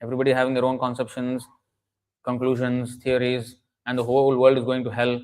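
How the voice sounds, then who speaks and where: A man's voice: mid-range voice, monotone, brisk, a little mellow, low-quality recording. A man giving an earnest, emphatic sermon, often restarting phrases and chanting Sanskrit verses. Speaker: preacher. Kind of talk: sermon lecture.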